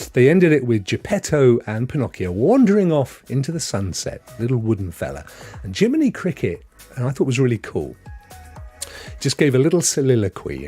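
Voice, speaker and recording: Chatty British man with a husky voice. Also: lowish voice, warm tone. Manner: chatty, rambling, reads chat aloud, laughs often. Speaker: gaming show host. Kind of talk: casual live-stream chat.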